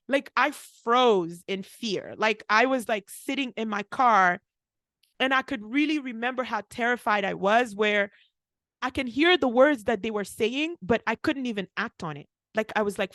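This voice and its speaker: A woman's voice: a little high, no room sound. A young woman, a pharmacist co-hosting a podcast, telling a story casually, saying "like" a lot and acting out what people said. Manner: animated, acts out quotes, frequent "like".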